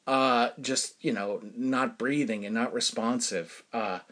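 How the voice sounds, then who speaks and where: A man's voice: mid-range voice, steady tone, takes it slowly, fairly bright tone. A middle-aged man hosting a show, telling a personal story in a casual, rambling way full of fillers and bursts of laughter. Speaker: show host.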